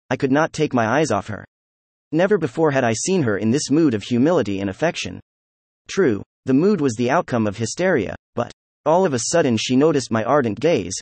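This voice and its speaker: A man narrating a novel chapter as an audiobook, in a steady, even-paced read. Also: mid-range voice, no echo. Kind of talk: scripted narration.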